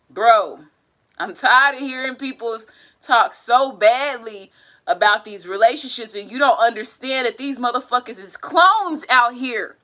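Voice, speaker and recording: A woman doing a tarot reading on camera, ranting in a profane, exasperated way, with loud outbursts that drop to low muttering. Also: slow pace, pauses often. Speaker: tarot reader. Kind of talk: casual tarot reading monologue.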